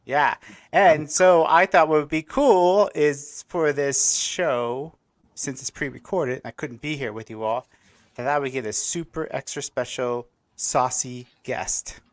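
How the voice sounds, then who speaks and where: A man's voice: mid-range voice, a little slow. A man from Colorado hosting a casual live-streamed chat show, upbeat and chatty, laughing often. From Colorado, United States. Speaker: host.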